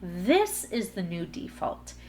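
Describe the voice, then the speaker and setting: A woman's voice: lowish voice, very animated, slow pace, darkish tone. A woman hosting a solo podcast, talking earnestly in a coaching way straight to her listeners. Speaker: podcast host. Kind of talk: solo motivational podcast talk.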